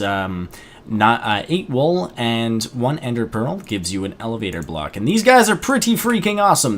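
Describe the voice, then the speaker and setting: A young man casually commenting on his gameplay, chatty and rambling, with sudden excited outbursts. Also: medium pitch. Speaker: gaming video host.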